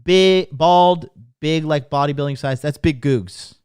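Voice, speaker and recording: Brash, profane man with a smooth voice. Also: a little high, a little slow, a little mellow, no room sound, studio quality. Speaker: podcast host. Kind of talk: casual podcast monologue.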